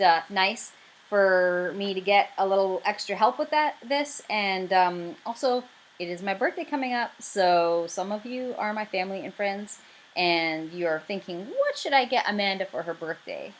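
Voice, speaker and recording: A woman with a Canadian accent chats casually to camera while pitching the crowdfunding campaign for her writing, rambling with lots of fillers. Her voice is mid-range and unhurried, in a low-quality recording with a little hiss or hum.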